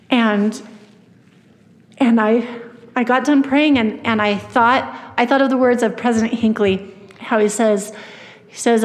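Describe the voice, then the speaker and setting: A woman giving a personal testimony talk at church, telling her story earnestly with many fillers and restarts. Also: a little high. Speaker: church speaker. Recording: long reverb of a hall.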